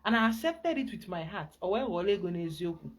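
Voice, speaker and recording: A woman with a Nigerian accent, a spiritual guide giving an emphatic, animated teaching talk. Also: on the low side, quick pace.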